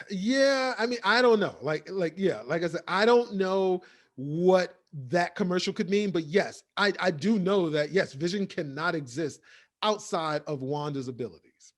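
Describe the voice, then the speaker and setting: A man's voice: high voice, animated, measured pace. A man co-hosting a podcast, casually reviewing a TV episode in a rambling way, with lots of fillers. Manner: rambling, filler-heavy recap. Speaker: podcast co-host.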